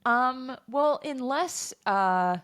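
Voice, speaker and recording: A woman's voice: high voice, animated, drawn-out words, a bit bright. A young adult woman co-hosting a podcast, reacting and joking in casual chat. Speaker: podcast co-host.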